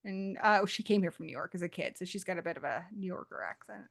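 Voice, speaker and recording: A woman from England speaks fast in a low-leaning, creaky voice, her accent a blend of British and American. She's an adult having a casual chat and rambles a bit.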